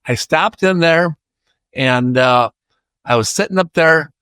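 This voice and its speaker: A man's voice: fairly high pitch, slow, pushed and bright, clean tone, no room sound. An older man from Iowa, a podcast guest, chatting through a rambling personal story and acting out the voices of people he quotes.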